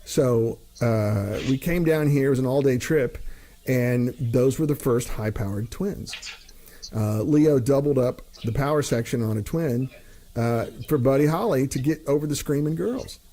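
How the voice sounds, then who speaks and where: A man's voice: medium pitch, unhurried, slight background noise. A middle-aged man hosting a casual chat, telling stories with frequent laughs and acted-out quotes. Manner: animated, laughs often, acts out quoted voices. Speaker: host.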